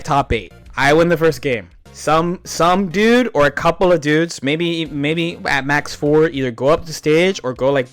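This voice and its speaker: Man, streamer, casual profane chat, animated storytelling, fairly high voice, faint music behind. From United States. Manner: animated storytelling with frequent laughs and swearing. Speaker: streamer reacting to a video.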